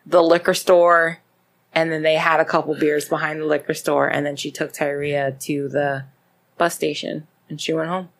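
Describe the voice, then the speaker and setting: Woman host, lower voice, chatty and cussing, acts out quotes as she tells a crime story. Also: moderate pace, vocal fry. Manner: profane, animated retelling with acted quotes. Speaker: podcast host. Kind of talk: casual true-crime storytelling.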